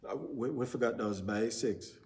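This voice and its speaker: A man's voice: medium pitch, moderate pace, a little mellow. A man giving an informal sermon in a church service, rambling and full of "sort of" and "you know". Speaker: church speaker.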